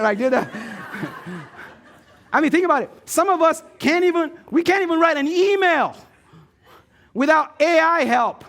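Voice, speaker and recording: High-voiced joking pastor. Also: male voice, unhurried, long pauses. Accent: American Midwest. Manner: joking, animated storytelling with asides to the crowd. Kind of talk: sermon. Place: church stage.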